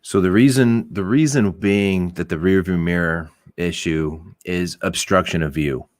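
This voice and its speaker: A middle-aged podcast host with a deep voice talks at a measured pace, rambling bluntly through casual, opinionated chat. He swears and keeps restarting his sentences. The recording is dry and studio quality.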